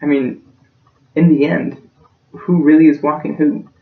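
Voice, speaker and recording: A man's voice: fairly high pitch, level tone, unhurried, vocal fry. A young man giving a practice persuasive speech for a class, earnest and emotional, his voice close to breaking. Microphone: self-recorded from a distance. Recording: echoey room, distant dull-sounding mic.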